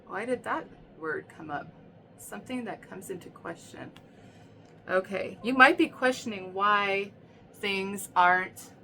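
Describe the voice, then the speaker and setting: A woman's voice: mid-range voice, fairly bright tone, a little hiss or hum. A woman giving a casual tarot reading in a chatty, rambling way, often checking in with "okay?" and "right?". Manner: chatty, repeats herself, frequent "okay?" and "right?". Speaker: tarot reader.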